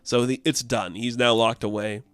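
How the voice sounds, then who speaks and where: A man giving a casual comic book recap in a rambling way, full of "like" and quick asides. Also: mid-range voice, steady tone, no room sound, clean studio sound, soft background music. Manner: rambling, filled with "like".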